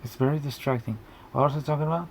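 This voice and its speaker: Brief: male creator, mid-pitched, gravelly, loose rambling commentary full of restarts. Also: very fast, a little hiss or hum. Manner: rambling, frequent restarts and asides. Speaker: video creator.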